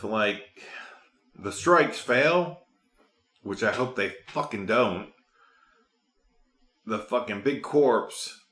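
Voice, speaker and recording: A man's voice: on the low side, a bit bright, reverberant. A man hosting a podcast, rambling casually with lots of profanity. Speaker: podcast host.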